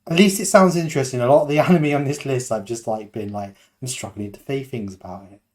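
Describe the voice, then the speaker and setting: A man's voice: mid-range voice, fast, darkish tone. A young British man co-hosting a podcast in casual chat, rambling and self-deprecating, laughing often. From United Kingdom. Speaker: podcast co-host.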